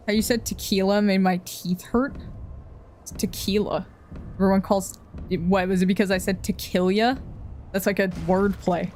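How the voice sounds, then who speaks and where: This woman from Canada has a medium-pitched, somewhat dark voice. Chatting casually during a game stream, she rambles, swears a lot, and keeps laughing.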